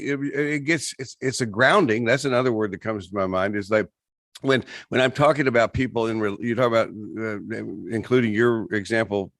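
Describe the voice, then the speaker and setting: A man talking through his ideas in a relaxed, reflective conversation. He stops and restarts often and doubles up his words as he searches for them. The sound is close and dry, with no room echo. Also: mid-range voice. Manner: halting, many restarts and repeated words. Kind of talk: casual conversation.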